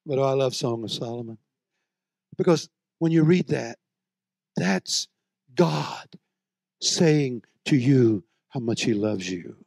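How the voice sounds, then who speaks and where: A man preaching a sermon, moving between soft, low storytelling and loud, shouted exhortation. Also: takes it slowly, vocal fry, pauses often, no room sound, studio quality.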